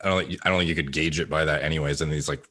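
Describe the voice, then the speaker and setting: A man with a low voice and a forceful, bright edge, chatting as a podcast guest. He talks loosely, circling through fillers and restarts as he explains. His stays light and close to American. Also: fairly even intonation, very fast. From Canada. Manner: rambling, with many filler likes and restarts. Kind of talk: casual conversation.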